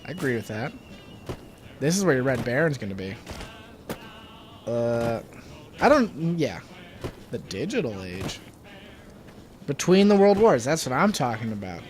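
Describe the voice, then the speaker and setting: A man's voice: mid-range voice, sing-song, measured pace, pauses often, background noise. A young man co-hosting a let's play, joking sarcastically and rambling while he has the hiccups. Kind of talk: casual gameplay banter.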